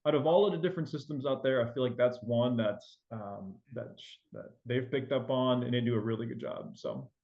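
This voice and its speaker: A man's voice: mid-range voice, fairly quick, hardly any pauses, lo-fi sound. A man raised in France with a faint French accent, a loan officer chatting casually as a guest in an interview, full of fillers and restarts.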